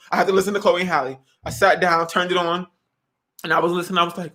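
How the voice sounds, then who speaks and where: Woman in her 20s, lively dramatic vlogger chatting to camera. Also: on the low side, fast talker. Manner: animated, dramatic, laughs often, sings snippets. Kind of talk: casual chat.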